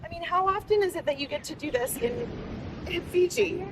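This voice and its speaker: With a very high-pitched, animated voice and a brisk pace, a woman fitness instructor gives upbeat, encouraging cues to a live outdoor class on the beach. A distant mic outdoors catches faint background noise.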